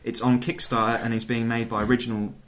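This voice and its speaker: A man's voice: medium pitch, level tone, fast, a bit bright. A man hosting a casual gaming podcast, laughing often as he moves through the segments. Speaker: podcast host. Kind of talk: casual chat.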